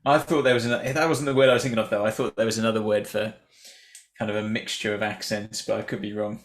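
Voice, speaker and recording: A man's voice: fairly low pitch, flat delivery, fast. Chatty man co-hosting a reaction show. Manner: chatty, chuckling often, trails off and restarts. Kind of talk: casual reaction chat.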